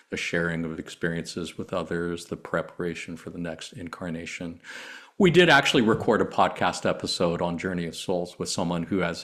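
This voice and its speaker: A man hosting a spiritual discussion podcast, speaking in a thoughtful, measured way with some hesitations. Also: sits low, fairly bright tone. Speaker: podcast host.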